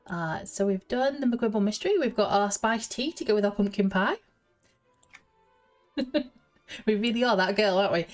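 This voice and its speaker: A woman streamer with a mid-range voice talks at a moderate pace with long pauses, soft music playing behind her. She's doing casual gameplay commentary, thinking aloud and giggling as she works through a game quest.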